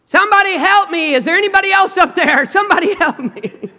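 A male preacher puts on a terrified man hanging from a cliff edge, crying out again and again for help. The voice sits very high and pleads frantically. A long hall reverb trails after every shout. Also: animated, normal speed, full character voice. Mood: panicked. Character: panicked man dangling from a cliff. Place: large auditorium with long reverb.

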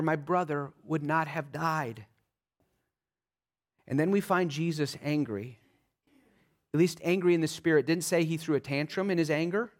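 Earnest preacher man, slightly high voice. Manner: earnest, conversational preaching with slow, dropped emphasis on scripture. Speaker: pastor. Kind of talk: sermon.

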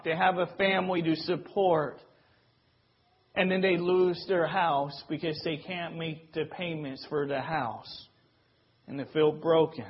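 Man preaching, earnest and repetitive; fairly high, dull lo-fi recording. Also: slightly rough. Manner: earnest, repetitive, leans on rhetorical questions. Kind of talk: sermon.

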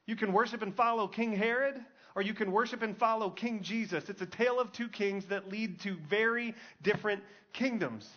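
A man's voice: sits high, normal speed, hardly any pauses, muffled recording. A male pastor giving a conversational sermon to a congregation, driving his points home by repeating key lines. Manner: conversational preaching with emphatic repetition.

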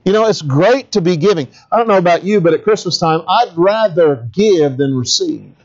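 Man, pastor, sermon, high voice, conversational, questions to the congregation, dull lo-fi recording. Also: expressive, moderate pace. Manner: conversational, asks the congregation questions, humorous asides.

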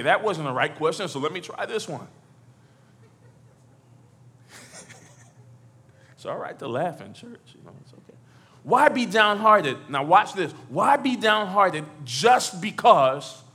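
A man preaching a lively sermon in church, swinging from near shouts to low, quiet lines, with stammered repeats and playful asides. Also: breathy edge. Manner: animated, rises to shouts and drops low.

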